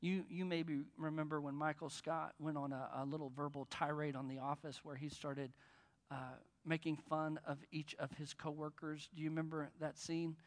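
A male pastor preaches in a sanctuary with a long reverb tail. His delivery is chatty and playful, and it jumps into loud, emphatic bursts on key points. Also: fairly high pitch, flat delivery, moderate pace. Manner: conversational, joking, with bursts of emphasis. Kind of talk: sermon. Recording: long reverb of a large hall.

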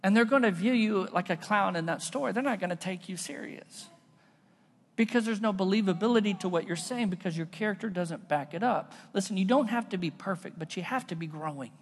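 A man's voice: high-pitched, fairly quick, husky. A man preaching a sermon as a pastor, in a casual, conversational style that mixes stories into his preaching. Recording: long reverb of a large hall.

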